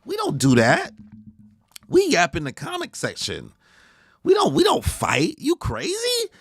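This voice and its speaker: A man's voice: high voice, huge pitch swings, a little slow, fairly bright tone, no echo, studio quality, pitched above the performer's own voice, full character voice. A man voicing a group of cheeky giant kids who tease and dismiss the grown-ups in slang. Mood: mocking. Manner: mocking slangy teasing.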